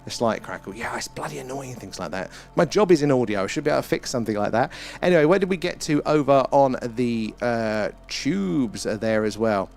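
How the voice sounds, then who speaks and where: A man's voice: medium pitch, lively intonation, brisk, creaky, few pauses, darkish tone. A British man hosting a casual live stream, chatting, greeting viewers by name and swearing mildly. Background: faint ambient music.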